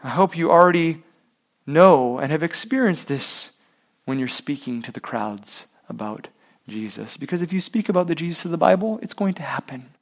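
A man's voice: on the high side, animated, moderate pace. A man preaching a sermon, asking rhetorical questions and using sports analogies. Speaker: pastor.

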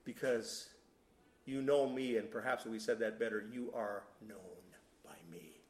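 A man preaching a sermon, emphatic and deliberate, with sudden drops to a soft voice. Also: mid-range voice. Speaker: pastor. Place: church sanctuary. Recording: echoey room.

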